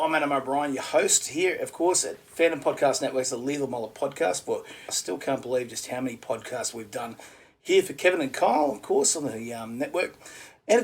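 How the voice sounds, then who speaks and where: A man's voice: medium pitch, lively intonation, a little fast, husky. An Australian man hosting a podcast in a playful, jokey chat. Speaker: podcast host.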